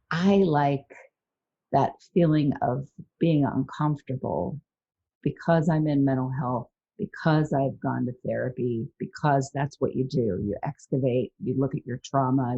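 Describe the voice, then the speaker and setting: A woman hosting a podcast in casual chat, earnest and animated, sometimes acting out what other people say. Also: extremely low pitch, unhurried, husky. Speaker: podcast host. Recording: dull lo-fi sound.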